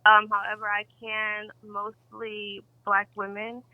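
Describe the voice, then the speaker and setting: A woman's voice: medium pitch, monotone, slow pace. Quirky woman on a tinny phone line. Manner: quirky, playful. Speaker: phone-in guest. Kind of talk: casual podcast chat.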